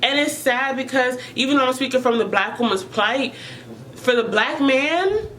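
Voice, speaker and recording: Speaking earnestly and emotionally to her viewers about mental health, a woman vlogger often repeats herself while hunting for the right words. Her voice is high and expressive, fairly bright, at a moderate pace, and the poor-quality audio carries slight background noise.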